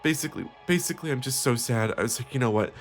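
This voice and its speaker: A man's voice: medium pitch, lively intonation, quick pace, soft background music. A man hosting a comedic parody tarot reading, sugary and melodramatic with frequent swearing. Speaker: tarot reader host.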